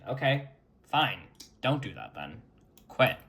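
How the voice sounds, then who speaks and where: Slow-talking man narrating his screen. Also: medium pitch, sing-song, a bit bright. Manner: unhurried, chatty, mutters while clicking. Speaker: retro computing vlogger. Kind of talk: casual screen-recording commentary.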